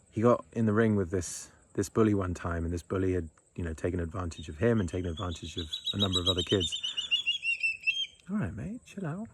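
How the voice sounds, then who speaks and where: A men's retreat leader in his thirties delivers a blunt, rambling casual monologue, swearing freely and chuckling between thoughts. His voice is low, and the recording has no room sound.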